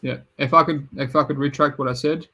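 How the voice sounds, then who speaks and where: A man hosting a podcast in a casual chat, easygoing, pausing on fillers and laughing along with his guest. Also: medium pitch, fairly even intonation, sharp tone. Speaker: podcast host.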